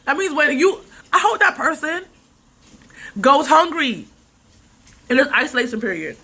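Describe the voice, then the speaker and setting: In her casual vlog, a high-voiced woman rambles and rants with plenty of animation, keeping a normal speed but leaving long pauses. Laughter pops up frequently.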